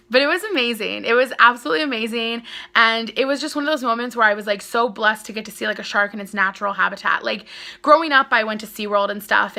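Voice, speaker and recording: A woman's voice: on the high side, gravelly, sharp tone. A young woman author telling a casual story-time vlog, gushing and full of filler words. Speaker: author and vlogger.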